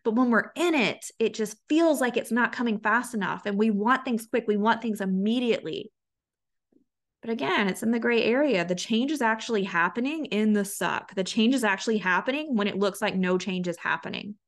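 A woman's voice: a little high, fairly quick. A woman hosting a solo podcast as a health coach, talking in an earnest, conversational way with frequent restarts.

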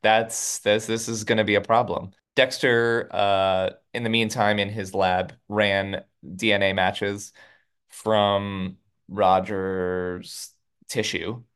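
A man co-hosting a podcast, casually recapping a TV episode and quickly acting out the characters' lines. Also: lowish voice, little pitch movement, fairly bright tone, clear, resonant tone. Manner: retells scenes with quick quoted lines. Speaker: podcast co-host.

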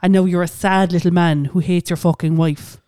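Smooth-voiced woman ranting bluntly. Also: on the low side, fairly even intonation, normal speed, mellow, no room sound, studio quality. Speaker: podcast co-host. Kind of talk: casual chat.

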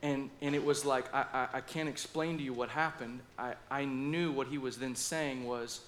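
A man preaching a sermon with passion, acting out his own inner dialogue and speaking with lively asides. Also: mid-range voice, moderate pace, slight background noise. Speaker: pastor.

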